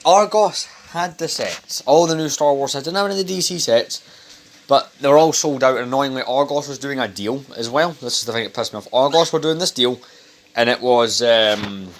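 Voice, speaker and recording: A man's voice: medium pitch, fairly bright tone, slight background noise. A young man vlogging at home over dinner, talking casually in a rambling, blunt and sweary way. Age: young adult. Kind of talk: casual chat to camera.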